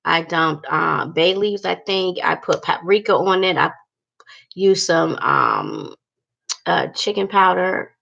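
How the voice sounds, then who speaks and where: Gravelly-voiced woman vlogging bluntly. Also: on the low side, sing-song, slow pace, a bit bright, dull audio. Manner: candid, blunt, cusses freely, many fillers. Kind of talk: casual talking-to-camera vlog.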